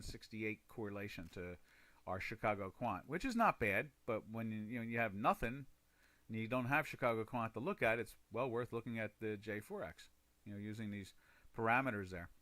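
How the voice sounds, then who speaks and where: A man's voice: mid-range voice, pushed and bright, dry recording. A man hosting a casual trading chat, rambling over his charts, often restarting sentences and chuckling at himself. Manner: rambling, chuckling, self-interrupting.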